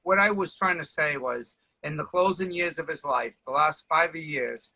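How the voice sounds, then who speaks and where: A man's voice: on the high side, normal speed, gravelly, sharp tone, rough recording. A man, a comedian hosting, chatting casually and teasing his guest with mock indignation. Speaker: comedian host. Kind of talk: casual interview chat.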